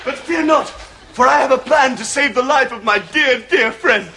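A man's voice: very high-pitched, normal speed, pushed and bright, slightly rough, exaggerated voice. An actor playing a dim, eager young nobleman who speaks in a lofty, theatrical way. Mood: earnest. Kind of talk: sitcom acting.

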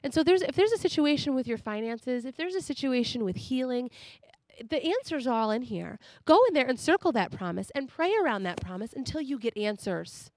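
A woman giving a sermon in a chatty, animated way, often laughing as she talks. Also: high-pitched, a little fast, dry recording. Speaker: speaker.

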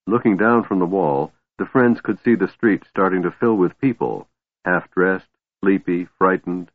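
A man narrating an audiobook in a measured storytelling voice. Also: sits low, no echo. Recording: tinny phone-like line, dry.

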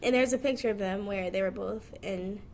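A woman's voice: mid-range voice, fairly quick, slight background noise. A nineteen-year-old woman, talking frankly and chattily about her life, laughing as she goes. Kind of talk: candid personal monologue.

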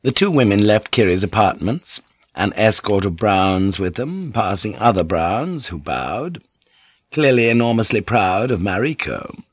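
A man narrating an audiobook in a measured, even storytelling manner. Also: on the low side, husky, dry recording, lo-fi sound. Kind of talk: scripted narration.

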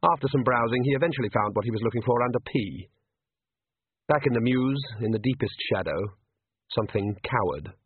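A man reading a novel aloud as narrator, in measured, even storytelling. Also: mid-range voice, breathy edge, no echo. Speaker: audiobook narrator. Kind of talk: scripted narration. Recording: dry, narrow phone-like band.

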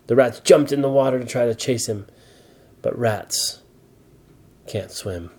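A man telling an improvised bedtime story to a child, slow and gentle. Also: medium pitch. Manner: slow, soft, animated voices for dialogue.

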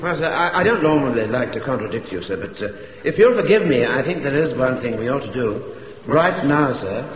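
A man's voice: mid-range voice, very animated, fairly quick, a crowd in the background, lightly acted. An actor playing a polite, diffident older male sergeant with a genteel manner, in a 1970s radio sitcom. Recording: echoey lo-fi radio recording, loud hiss.

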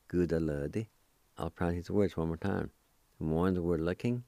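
A very deep-voiced man leads a radio language lesson in a mellow, unhurried tone. He spells each word letter by letter and repeats it with patience. The sound is close and dry, with no room around it. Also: gravelly, dry recording. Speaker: radio language teacher and host.

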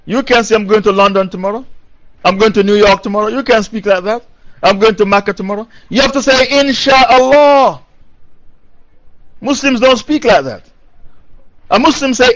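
A man's voice: high-pitched, a bit bright. A man giving a Quran commentary lecture who recites Arabic verses, then translates and explains them, repeating key phrases for emphasis. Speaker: preacher. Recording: dull lo-fi recording.

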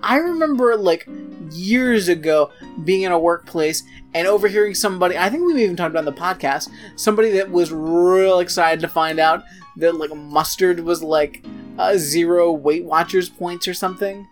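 A man's voice: high voice, normal speed, faint music behind. Dry-joking man on a podcast. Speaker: podcast co-host. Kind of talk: casual podcast chat.

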